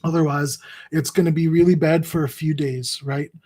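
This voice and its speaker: A husky-voiced man speaks in a loose, unscripted way, stopping and restarting his sentences. He sounds emotional and close to tears, and there is strain from physical pain in his voice. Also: on the high side, steady tone, warm tone. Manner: rambling, halting, repeats words. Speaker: fantasy sports analyst. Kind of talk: heartfelt casual address to viewers.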